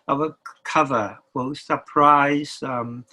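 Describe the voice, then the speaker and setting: Older man, husky and halting. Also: medium pitch, steady tone, bright, forceful tone, low-quality recording. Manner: halting, many restarts and repeated words. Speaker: record label producer. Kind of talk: interview guest talk.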